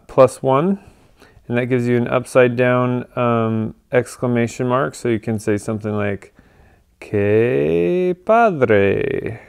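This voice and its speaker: Gravelly, smooth-voiced man explaining shortcuts. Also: medium pitch. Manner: relaxed, with frequent ums and uhs. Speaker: tutorial presenter. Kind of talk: casual screen tutorial.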